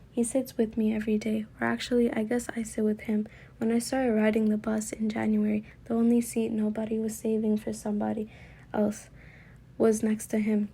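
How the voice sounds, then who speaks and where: A woman reading a children's book aloud in a soft, often whispered narration. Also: a little high, vocal fry, husky. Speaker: story reader.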